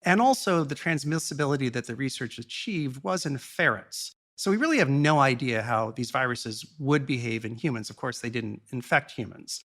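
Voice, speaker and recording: A man speaking as a podcast guest, explaining a topic in a long, measured and earnest monologue with the odd blunt aside. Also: medium pitch, expressive, fairly bright tone.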